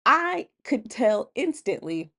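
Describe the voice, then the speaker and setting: A woman's voice: fairly high pitch, sing-song, slow pace, pushed and bright. A woman hosting her own channel, chatting casually through a TV episode recap and acting out the quotes with a laugh.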